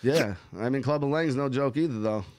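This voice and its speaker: A man's voice: mid-range voice, a little fast, a little mellow. A man hosting a casual podcast chat, talking in a profane, emphatic, rambling way. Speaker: podcast host.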